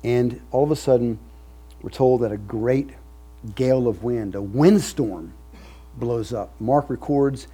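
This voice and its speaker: Brief: man, pastor mid-sermon, breathy-rough tone, emphatic rhythm. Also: medium pitch, measured pace, warm tone. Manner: emphatic, repetitive preaching cadence.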